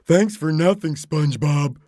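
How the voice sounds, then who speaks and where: A man voicing a dim, lazy male starfish who talks loud and blunt. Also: fairly high pitch, unhurried, no room sound, studio quality, voice pushed up, lightly acted.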